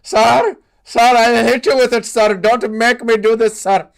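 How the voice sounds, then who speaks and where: A man voicing a shrill, excitable man who pleads and threatens, repeating "sir" over and over. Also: unhurried, vocal fry, heavily acted. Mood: pleading.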